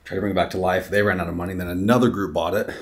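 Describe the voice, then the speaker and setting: A man hosting an exploring vlog, telling a story in an excited, casual way and saying "dude" a lot. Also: low-pitched, very fast, slightly rough. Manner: excited, storytelling, says "dude" and "crazy" often. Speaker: vlogger host. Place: abandoned resort building, indoors.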